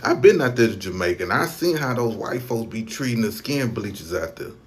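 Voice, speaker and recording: A man's voice: lowish voice, sing-song, brisk. An American man giving heated commentary to camera, firing off repeated rhetorical questions. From United States.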